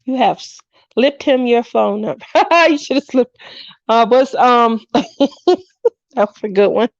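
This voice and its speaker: On a lo-fi recording with no echo, a woman in her fifties speaks slowly in a voice on the high side. She hosts a craft livestream, chatting casually, telling stories with frequent laughter, and acting out people's quotes.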